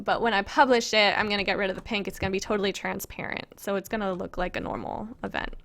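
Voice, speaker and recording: A woman's voice: medium pitch, creaky, fairly bright tone. A woman casually chatting on a live stream as she shows her game-making work, giggling and rambling as she reads viewer questions aloud.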